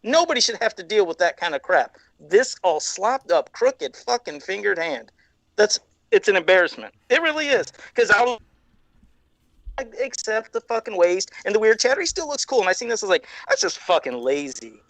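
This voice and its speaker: A man's voice: high-pitched, expressive, normal speed, vocal fry, fairly bright tone, no echo. Profane ranting man on a video call. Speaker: podcast co-host. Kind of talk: ranting casual chat.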